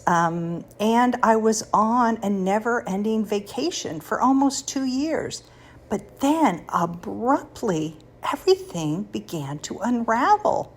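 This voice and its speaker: Husky woman in her sixties, slow and confiding. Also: mid-range voice. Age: 60s. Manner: warm, confiding, laughs between thoughts. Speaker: podcast host. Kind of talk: personal faith talk.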